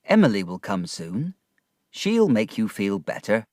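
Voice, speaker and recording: A man voicing a big-hearted fisherman who shouts loudly in a storybook reading. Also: lowish voice, huge pitch swings, measured pace, no room sound, studio quality. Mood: soothing. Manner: loud forceful shouting. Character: big-hearted fisherman, loud when upset. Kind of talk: audiobook character voice.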